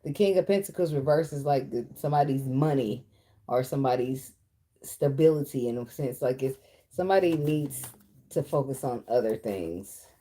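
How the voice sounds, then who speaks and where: A woman's voice: rumbling low, normal speed, mellow. Blunt, chatty woman reading tarot. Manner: blunt, chatty, swears freely, talks to the cards. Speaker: tarot reader. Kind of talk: casual tarot reading monologue.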